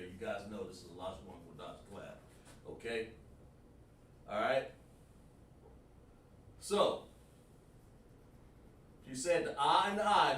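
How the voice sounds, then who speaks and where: Male teacher at a whiteboard, slightly high voice, echoey room, off-mic, coaxes students, sounds out syllables. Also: a bit bright, recorded from a distance. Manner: interactive, calls on students by name and sounds out syllables. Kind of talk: live online class lecture.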